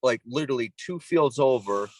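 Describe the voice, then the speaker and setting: A man with a medium-pitched voice talks at a moderate pace in a rough recording without echo. He's middle-aged, Canadian, and a former pro ball player, telling an animated story in a casual interview, acting out quoted voices and frequently starting his sentences over.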